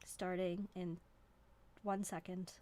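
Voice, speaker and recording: A woman's voice: fairly low pitch, little pitch movement, takes it slowly, mellow. A woman from Canada hosting a live stream, chatting in a rambling, playful, self-mocking way from a desk indoors. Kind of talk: casual live-stream chat.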